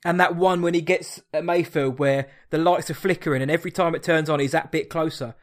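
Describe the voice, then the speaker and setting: Casting: male co-host, eager casual reviewer, a touch higher pitched. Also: steady tone, a little fast. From Essex, England. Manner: enthusiastic, reviewing an episode. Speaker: podcast co-host. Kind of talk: casual chat.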